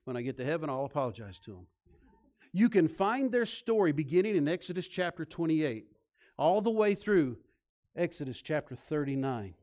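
A male pastor preaching a sermon, swinging from loud, emphatic lines to soft, hushed ones. He leads the congregation in call-and-response and drops in self-deprecating asides. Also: a little high, very animated, normal speed.

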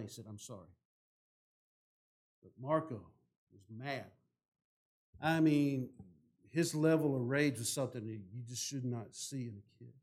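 Male pastor telling a story. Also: sits high. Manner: animated, rising in volume when telling dramatic parts. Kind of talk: sermon storytelling.

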